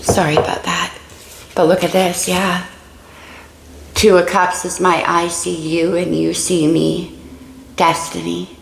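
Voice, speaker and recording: A woman with a creaky morning voice doing a casual tarot reading, musing and exclaiming as she turns the cards. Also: lowish voice, little pitch movement, a little slow, pauses often, roomy sound, slight background noise, low-quality recording. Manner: musing and exclamatory, thinking aloud over cards. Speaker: tarot reader.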